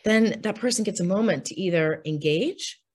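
A woman's voice: medium pitch, moderate pace, darkish tone, breathy edge. A woman interviewed as an author, speaking candidly and earnestly in a heartfelt, open conversational way. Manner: earnest, heartfelt, speaks openly about grief.

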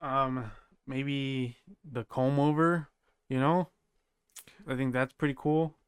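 Laid-back man, smooth dry voice. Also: medium pitch, little pitch movement, slow, no room sound. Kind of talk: casual banter.

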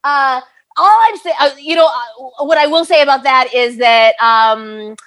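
A woman's voice: high-pitched, unhurried, a bit bright, no echo. A woman, an actress, answering in a casual interview chat with a hesitant, laughing, self-deprecating manner.

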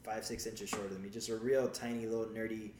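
A man's voice: on the low side, level tone, fast, a little mellow, slight background noise. A man casually telling a rambling, profane story, laughing as he goes. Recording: roomy sound with faint background ambience.

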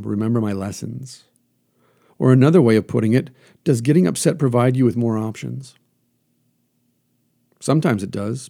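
A man hosting a solo talk, coaching the listener earnestly and putting questions to himself out loud. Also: medium pitch, vocal fry. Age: adult, teaches classes. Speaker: podcast host.

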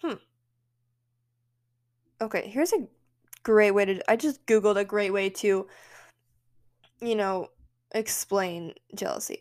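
Her pitch is medium and a bit mellow, and she talks slowly, leaving long gaps. On her solo podcast, this young host chats casually and with emphasis, encouraging herself as much as her audience.

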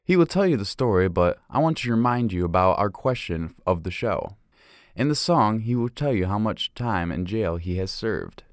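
A man's voice: on the low side, animated, moderate pace, dry recording, clean studio sound. A man co-hosting a music show, friendly, presenting his song pick and quizzing listeners. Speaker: co-host.

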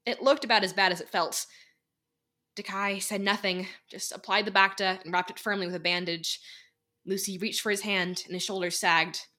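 Bright young woman reading a fan drama. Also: mid-range voice, fairly even intonation, moderate pace. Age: young adult. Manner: narrates and voices several characters, emotional. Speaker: narrator and voice actor.

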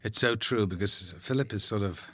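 An older man recalling making a film in a relaxed, rambling commentary, full of ums and drifting into whispers. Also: fairly low pitch, moderate pace. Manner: rambling, warm anecdotes, frequent ums, drops to whispers.

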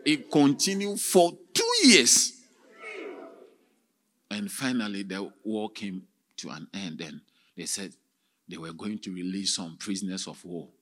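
A man preaching as a theatrical storyteller, with sudden shouts and sound effects. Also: deep voice, expressive, a little slow, long pauses. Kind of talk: dramatic sermon storytelling.

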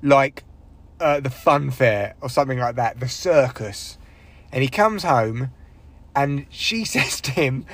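A man's voice: medium pitch, lively intonation, takes it slowly, fairly bright tone. A young man, a stand-up comedian, talking in a casual solo podcast monologue, rambling, swearing and running himself down. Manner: rambling, sweary, self-deprecating, with big vocal swings when acting out others.

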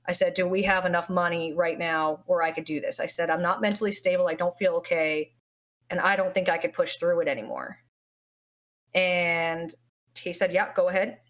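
A young woman, a streamer, talking candidly and with feeling in an interview, often restarting her sentences. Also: on the low side. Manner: candid, heartfelt, rambling with many restarts. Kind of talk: emotional interview talk.

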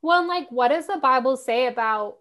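A woman in her thirties hosts a casual faith podcast. Her voice sits a little high. She talks in an earnest, candid way and leans on fillers like "like.". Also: expressive, normal speed, fairly bright tone. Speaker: podcast host.

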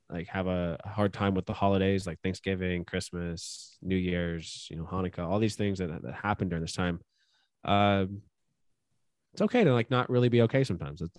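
A young man with a low voice speaks earnestly on a casual podcast, mixing joking banter with gentle advice. He is recorded close and dry, with no room sound. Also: dry recording. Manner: earnest, gently advising, with fillers and asides. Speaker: podcast co-host. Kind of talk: casual chat.

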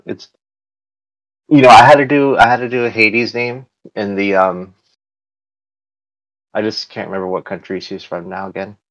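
A man's voice: on the low side, no room sound, low-quality recording. Chatty American man hosting a podcast. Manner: chatty and rambling, with many fillers and restarts. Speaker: podcast host. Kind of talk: casual podcast chat.

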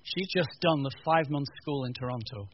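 A man's voice: medium pitch, brisk. Man preaching, muffled lo-fi sound. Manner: storytelling, animated retelling with quotes. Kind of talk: sermon. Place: church teaching session. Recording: muffled lo-fi recording, faint room noise.

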